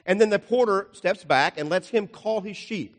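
A man's voice: high voice, normal speed. An older man preaching a folksy, rambling sermon, explaining slides with jokes and asides. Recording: long hall reverb.

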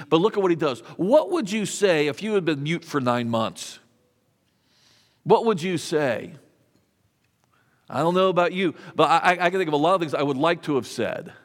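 Slightly high-voiced preaching man. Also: in a large hall. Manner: conversational preaching with repeated restarts and rhetorical questions. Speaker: pastor. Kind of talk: sermon.

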